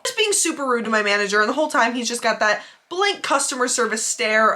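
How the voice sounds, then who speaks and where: A woman's voice: on the high side, expressive, fast, few pauses, bright, forceful tone. A young woman telling a casual storytime vlog in a chatty, rambling way, filling her talk with "like". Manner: chatty, rambling, heavy use of "like". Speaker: YouTuber.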